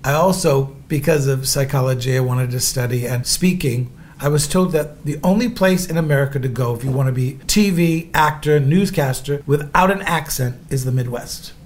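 A middle-aged man hosting a podcast, telling his own stories in an animated, gushing way, jumping between loud asides and hushed remarks. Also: mid-range voice, normal speed, few pauses. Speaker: podcast host. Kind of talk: storytelling monologue.

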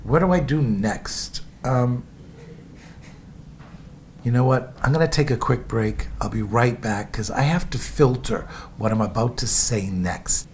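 A man's voice: medium pitch, unhurried, a little hiss or hum. Rambling chatty man telling life stories. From Indiana, USA. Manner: rambling and chatty, talks straight to listeners as folks. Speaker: host telling his life story. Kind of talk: casual memoir storytelling.

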